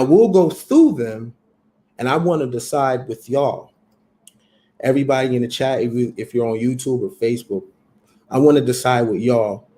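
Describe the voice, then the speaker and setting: Slow, emphatic man hosting a livestream. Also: medium pitch, dark tone. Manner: preachy, emphatic, repeats phrases for effect. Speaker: host. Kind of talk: livestream talk.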